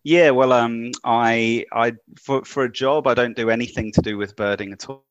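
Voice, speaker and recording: A man's voice: medium pitch, steady tone, normal speed, no echo, dull audio. A man from the UK with an English accent turning Kiwi, chatting as a podcast guest with many ums and restarts. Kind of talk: casual interview chat.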